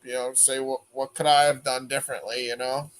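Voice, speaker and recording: Calm man giving faith-based advice. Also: mid-range voice, fairly quick, low-quality recording. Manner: calm, counseling, calls people "man". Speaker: panel host.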